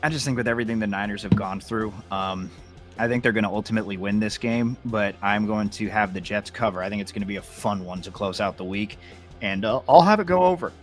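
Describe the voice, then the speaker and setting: A man's voice: on the low side, fast talker, soft background music. A man co-hosting a casual sports picks chat over a video call, who stumbles and repeats words before settling on each pick. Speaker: co-host giving picks.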